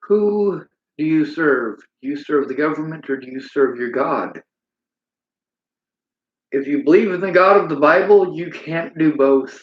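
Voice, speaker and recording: A man's voice: fairly high pitch, animated, measured pace. A man hosting a livestream, ranting bitterly in a preachy way and reading out chat comments. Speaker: livestream host. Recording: roomy, dull lo-fi sound.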